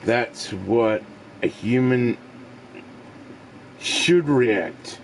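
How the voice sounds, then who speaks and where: Slow, profane Australian man ranting. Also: mid-range voice, creaky, a little hiss or hum. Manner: profane, opinionated, mocking voices in quotes. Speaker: gaming streamer. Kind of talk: rambling casual rant while gaming.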